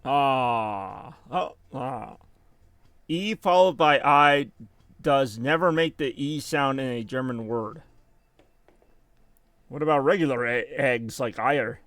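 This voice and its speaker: A man's voice: mid-range voice, slow, long pauses, fairly bright tone, no room sound. A man in his thirties giving rambling live commentary on a game, laughing often. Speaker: game streamer.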